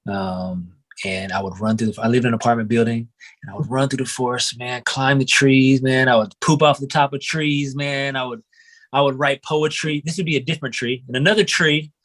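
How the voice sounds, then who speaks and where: Reflecting casually on his life, this young American man, a qigong and breathwork instructor raised in Oregon, keeps saying "you know" and "man." He speaks a little fast in a mid-range, slightly bright voice with fairly even intonation.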